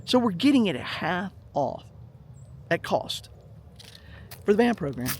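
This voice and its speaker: A man's voice: sits high, big pitch swings, a little slow, a little hiss or hum. A middle-aged man telling a story in a blunt, profane, heated rant to his viewers. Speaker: vlog host. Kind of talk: blunt ranting monologue.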